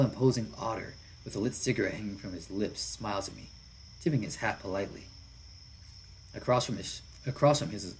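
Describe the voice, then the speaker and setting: A man's voice: fairly low pitch, a little hiss or hum, rough recording. A man reading a visual novel aloud, narrating with casual asides and chuckles. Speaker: visual novel let's player.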